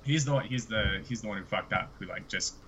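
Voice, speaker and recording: A man's voice: on the low side, brisk, fairly bright tone, breathy edge, dull audio. A young adult man hosting a casual podcast chat, easygoing and a bit hesitant. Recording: faint background noise.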